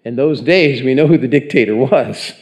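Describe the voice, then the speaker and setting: Male pastor, sermon, chatty, questions to the congregation, mid-pitched voice. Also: normal speed. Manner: conversational preaching, asks the congregation questions.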